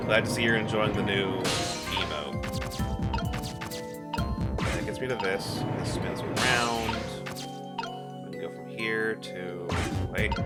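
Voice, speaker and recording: Offhand streamer man over game music. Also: fairly low pitch. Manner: offhand, swears, reads items aloud. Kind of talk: live game playthrough, reading aloud.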